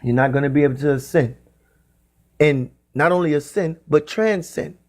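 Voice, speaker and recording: A man giving a spiritual talk in the style of a sermon. He speaks emphatically and repeats his phrases, sometimes drawing them out slowly. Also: fairly high pitch. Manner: repetitive, emphatic, drawn-out phrasing. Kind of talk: preaching monologue.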